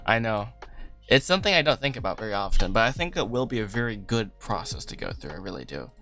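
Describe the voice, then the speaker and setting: Rambling streamer guy, bright and laughing, light music under him. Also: lowish voice, very animated, brisk. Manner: rambling, self-deprecating, laughs often. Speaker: livestream host, animator. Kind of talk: casual livestream chat while working. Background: soft lofi music.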